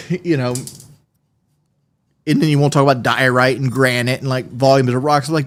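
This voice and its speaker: A man's voice: medium pitch, fairly even intonation, normal speed, long pauses. A man streaming a game, chatting casually in a rambling, profane way and often laughing. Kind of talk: casual livestream chat.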